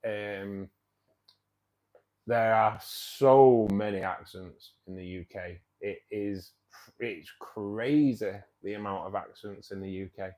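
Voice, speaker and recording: A man with a slightly low voice chats loosely on a live stream. He rambles, restarts his sentences and drops fillers as he goes. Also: a little mellow. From England. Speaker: fishkeeping club host. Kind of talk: casual live-stream chat.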